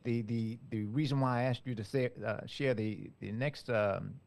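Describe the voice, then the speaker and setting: Halting, encouraging male interviewer. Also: mid-range voice, steady tone, creaky, a little mellow. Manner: halting, many fillers and restarts, encouraging. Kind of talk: casual interview conversation.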